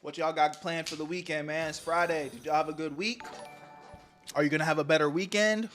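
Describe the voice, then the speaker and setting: A young man chatting through a livestream, his voice sitting a little higher than most men's. He banters loosely with viewers, jumping from loud shout-outs to low muttered asides. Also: fairly even intonation, brisk, faint music behind. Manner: loose, joking banter with chat, swings between loud and mumbled. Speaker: streamer. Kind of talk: casual livestream chat.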